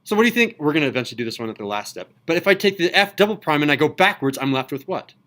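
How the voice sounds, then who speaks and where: A man teaching a high school calculus class, lively and enthusiastic, often checking in with students. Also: rapid-fire. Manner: enthusiastic, asks students questions. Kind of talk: classroom lecture.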